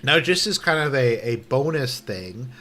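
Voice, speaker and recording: A young man giving casual commentary while reading a news article aloud, indignant and sarcastic, swearing, halting and restarting often. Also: medium pitch, animated, bright, forceful tone. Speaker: online commentator.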